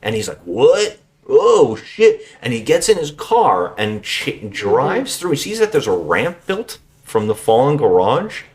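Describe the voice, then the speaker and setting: A man co-hosting a podcast, recapping a bad movie in casual chat, animated and swearing freely. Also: medium pitch, normal speed, hardly any pauses. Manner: animated, swearing, acts out scenes in loud put-on voices. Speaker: podcast co-host.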